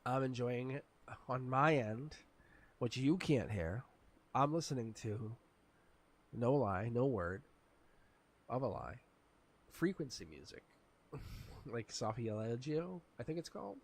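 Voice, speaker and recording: Raspy man, tarot reader on a live stream; animated, chatty, laughs often. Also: mid-range voice, takes it slowly, long pauses.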